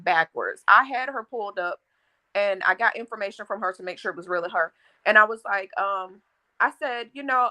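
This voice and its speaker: A woman chatting casually as a co-host, telling animated, frank stories and swearing freely. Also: on the high side, low-quality recording. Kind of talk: casual storytelling chat.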